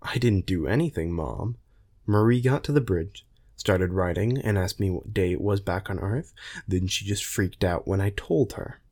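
A man's voice: low-pitched, moderate pace, a little mellow. A man reading the lines of an earnest young man talking to his mother aboard a starship, in a subdued voice.

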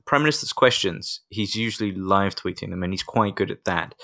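A man co-hosting a podcast in casual chat, dry and measured, with gentle teasing. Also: low voice, vocal fry, crowd noise. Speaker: podcast co-host.

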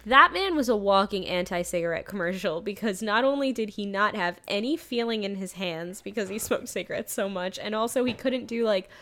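A woman's voice: mid-range voice, fairly quick, hardly any pauses, a bit bright. A young woman casually recapping a movie plot in a rambling, chatty way, laughing now and then.

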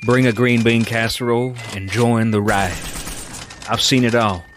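A man's voice: medium pitch, fairly even intonation, normal speed, a bit bright, a little hiss or hum, natural voice. A man putting on a drawling old Texan storyteller. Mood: folksy. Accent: Texas.

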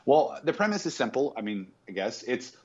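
A man's voice: mid-range voice, very animated, a little fast, dull audio. Chatty man hosting a movie podcast. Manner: chatty, stumbles and restarts often. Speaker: podcast host. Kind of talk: casual movie podcast chat.

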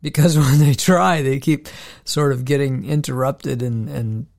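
A man's voice: mid-range voice, fairly even intonation, a little slow, vocal fry, a little mellow. A man co-hosting a podcast, telling stories in a rambling way with many restarts. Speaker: podcast co-host. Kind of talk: casual podcast chat.

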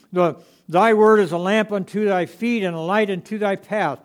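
Male pastor preaching, loud then hushed. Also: high-pitched, a little slow. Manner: swings from loud emphasis to hushed quiet. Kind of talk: sermon.

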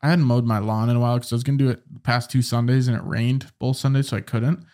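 A man's voice: mid-range voice, steady tone, quick pace, warm tone. A young man co-hosting a casual podcast, laid-back and teasing his friends. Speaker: podcast co-host. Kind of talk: casual chat.

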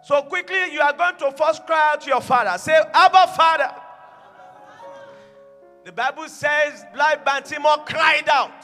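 Fervent high-voiced preacher man in an echoey hall. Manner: fervent, repeats phrases, rises to shouted prayer. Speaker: pastor. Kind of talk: sermon leading prayer.

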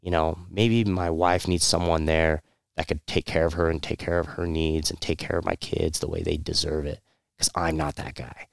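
A man's voice: very deep voice, flat delivery, moderate pace, gravelly, no room sound, studio quality. A man, a military veteran, telling his personal story in a candid, rambling way, with many fillers, restarts and short laughs.

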